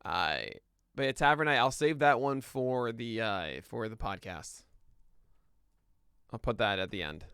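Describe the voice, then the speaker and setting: A man's voice: mid-range voice, expressive, a little slow, long pauses, a bit bright, clear, resonant tone, no echo, studio quality. A man hosting a morning podcast live on stream, chatting casually with his audience and then running through the day's news. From United States. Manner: chatty and self-deprecating, laughs at own jokes. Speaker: podcast host. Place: home studio, streaming live.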